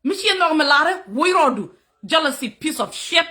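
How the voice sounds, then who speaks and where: Angry high-voiced woman ranting. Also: animated, moderate pace, sharp tone. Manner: heated and scolding, mixing English with another language, laughing in bursts. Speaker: content creator on a livestream. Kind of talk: angry livestream rant at commenters.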